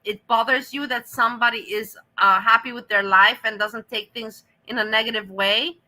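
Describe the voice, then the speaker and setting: A woman's voice: fairly high pitch, steady tone, moderate pace, pushed and bright, low-quality recording. A woman on a casual group chat, scolding someone with a string of repeated rhetorical questions.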